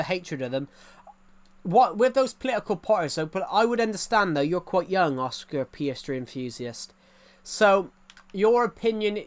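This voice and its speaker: A streamer with a rural English accent, chatting on a livestream and answering viewer comments, with frequent restarts and repeated phrases. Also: mid-range voice. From England.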